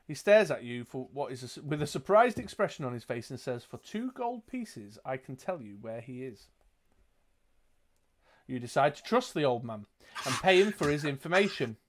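A man's voice: on the high side, sing-song, fairly quick. A man narrating a gamebook as game master, with dry joking asides. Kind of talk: reading and narrating a gamebook playthrough.

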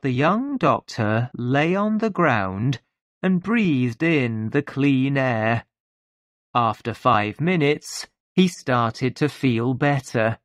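Very slow lively storybook narrator. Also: mid-range voice, no echo, clean studio sound. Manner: very slow, clear, lively intonation. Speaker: audiobook narrator. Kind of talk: slow scripted narration for learners.

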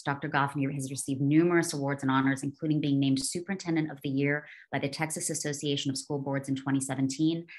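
Brisk woman reading an introduction. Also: extremely low pitch. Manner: brisk, formal. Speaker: emcee.

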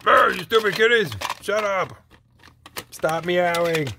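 A woman voicing a grumpy villainous male monkey toy, gruff and bossy in a toy play video. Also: on the low side, slow, noisy background. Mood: angry.

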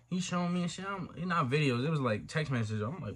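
Quick and barely pausing, this young man's fairly high, slightly bright, husky voice carries a casual storytime on his channel. He vlogs in a loose, slangy, profane style and acts out the voices of the people in the story.

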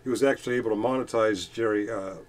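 A man's voice: fairly low pitch, quick pace. Mocking, profane man reading chat. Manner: mocking, profane, laughing often; excitable, swings between loud and muttered. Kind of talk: casual commentary reading chat comments.

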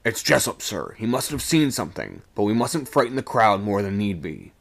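A man's voice: fairly low pitch, big pitch swings, moderate pace, gravelly, exaggerated voice. A man voicing an angry sailing ship's second mate who barks orders in a raised voice. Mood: urgent, stern. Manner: barking, shouted orders.

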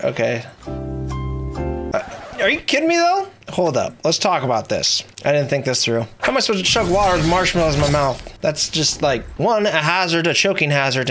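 Man talking through a mouthful of marshmallows. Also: fairly high pitch. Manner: muffled speech with marshmallows in mouth; excitable, self-mocking. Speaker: game streamer. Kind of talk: live gameplay commentary.

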